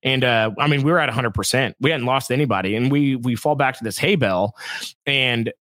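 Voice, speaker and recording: Man, middle pitch, relaxed storytelling, dry close mic. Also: no echo. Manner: relaxed, measured, many fillers like um. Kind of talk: casual storytelling chat.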